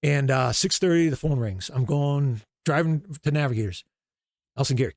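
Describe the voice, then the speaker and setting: Middle-aged male coach, lively storyteller, mid pitch, dry booth-like recording. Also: a little fast, dry recording. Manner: animated storyteller, acts out quoted dialogue. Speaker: basketball coach, guest. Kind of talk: storytelling interview talk.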